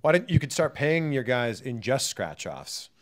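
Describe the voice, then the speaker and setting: A man's voice: medium pitch, very animated, normal speed. A man hosting a casual interview, asking chatty, playful questions. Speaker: interview host.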